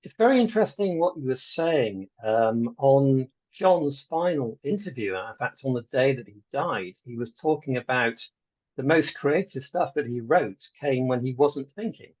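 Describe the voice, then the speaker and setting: A man's voice: medium pitch, lively intonation, normal speed, a little mellow, muffled recording. A man hosting an interview, asking thoughtful, somewhat hesitant questions. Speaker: podcast host.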